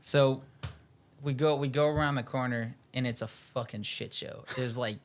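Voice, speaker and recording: A young man on a casual podcast, telling a long story with plenty of swearing. He leans on "like" and acts out what people said as he rambles on. His voice sits at an ordinary mid pitch. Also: fairly even intonation, moderate pace. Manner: rambling, profane anecdote telling with frequent "like". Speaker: podcast co-host.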